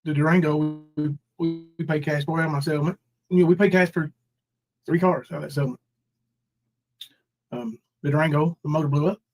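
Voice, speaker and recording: A man in his forties hosts a loose, rambling livestream chat with a slightly high voice. He drifts between his own news and greeting viewers from the chat, sometimes hamming up mock crying. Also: fairly even intonation, fairly quick, pauses often, soft background music, low-quality recording. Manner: rambling, reads chat names aloud, mock crying bits. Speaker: livestream host.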